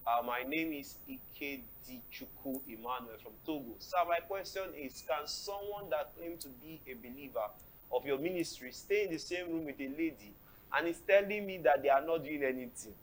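A man co-hosting a faith Q&A, reading viewer questions and scripture aloud in a steady, formal voice. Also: on the high side, rough recording.

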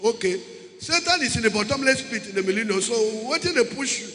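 Emphatic male preacher, bright tone, long hall reverb. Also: extremely high pitch, expressive, fast talker. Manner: emphatic, repeats key words, calls out to the congregation. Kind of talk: sermon.

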